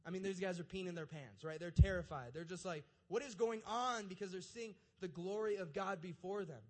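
This is a young man with a slightly high voice who gives a relaxed, chatty sermon as a youth pastor. He reads scripture aloud, then talks it through in plain, everyday words. He keeps tossing quick "right?" questions to his listeners. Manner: conversational, keeps asking "right?" to the audience. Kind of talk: casual sermon with scripture reading.

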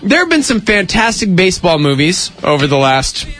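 A man's voice: high-pitched, big pitch swings, a bit bright, soft background music. A man hosting a radio show, chatting and teasing his co-hosts in casual morning banter. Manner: joking, quick to tease.

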